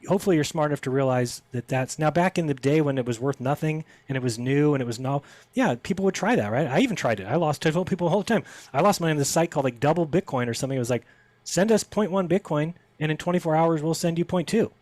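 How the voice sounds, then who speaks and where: A man's voice: fairly high pitch, expressive, fast, a little mellow, no echo. A man as a podcast guest, telling a story in casual conversation and acting out the people he quotes with a raised voice.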